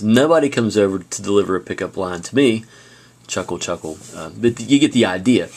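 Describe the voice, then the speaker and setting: Man, deep low voice, high school teacher, video lecture, casual storytelling. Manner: casual storytelling with fillers and restarts.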